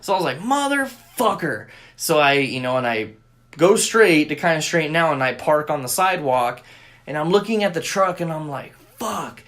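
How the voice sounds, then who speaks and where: A young man spins a long story in casual podcast chat, swearing freely and jumping into the voices of the people he quotes. His voice sits a touch higher than most men's. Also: brisk. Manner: profane, animated storyteller acting out quotes. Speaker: podcast co-host.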